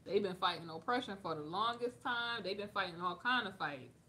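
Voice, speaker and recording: A woman from the United States, reading news aloud and commenting on it in a sassy, animated way. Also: medium pitch, fairly quick, slight background noise. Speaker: vlogger reacting to news.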